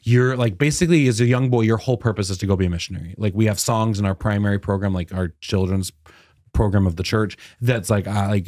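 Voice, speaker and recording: A comedian around thirty tells a long personal story in a loose, chatty way, filling every pause with "like." His voice sits a bit low and is recorded close and dry. He bounces into high, bright tones when acting out what others said. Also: dry recording. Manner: animated, many "like" fillers, acts out quotes in a high voice. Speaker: guest comedian. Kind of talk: casual podcast storytelling.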